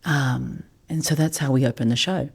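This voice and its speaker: A woman with a strikingly deep, low voice recalls an experience for a podcast in a soft, unhurried way. Her delivery stays hushed and often drifts into breathiness. She sounds middle-aged and reflective. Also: gravelly, breathy edge. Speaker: podcast guest, vocalist. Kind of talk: reflective storytelling.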